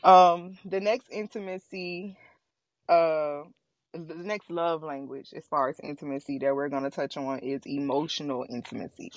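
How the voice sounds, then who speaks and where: A woman's voice: deep voice, fairly even intonation, moderate pace, dry recording. A woman co-hosting a podcast, chatting casually and speaking directly to a live audience. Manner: warm, chatty, talks directly to listeners. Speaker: podcast co-host.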